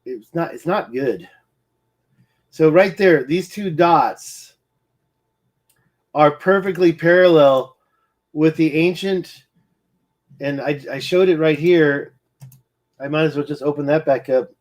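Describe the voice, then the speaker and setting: Man, slightly high voice, distracted, muttering to himself, hiccuping, keeps restarting sentences. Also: slow, long pauses. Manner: distracted, muttering, self-correcting. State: hiccuping, eye twitching. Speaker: independent researcher presenting maps. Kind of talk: rambling screen-share commentary.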